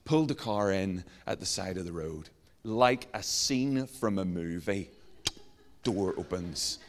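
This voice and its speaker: An Irish man preaching a sermon, telling a self-mocking story in a lively way. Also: low voice, unhurried. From Ireland. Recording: long hall reverb.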